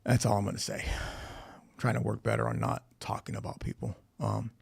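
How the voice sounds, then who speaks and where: A man's voice: fairly low pitch, level tone, normal speed, vocal fry, a little mellow, breathy edge. A man telling his recovery story at a meeting, speaking candidly with swearing and acting out quoted dialogue. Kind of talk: personal testimony. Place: recovery facility meeting room.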